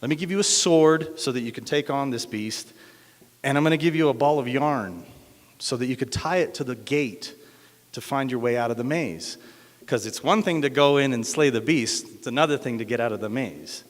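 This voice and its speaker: A man's voice: mid-range voice, moderate pace, natural voice. A man voicing a young princess in a retold myth, speaking in his own offhand way. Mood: urging. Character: young princess helping a hero. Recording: echoey hall.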